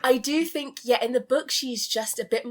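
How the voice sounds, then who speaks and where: A woman's voice: high voice, normal speed. A woman hosting a podcast, chatting casually and laughing often as she acts out quotes. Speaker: podcast host. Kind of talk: casual chat.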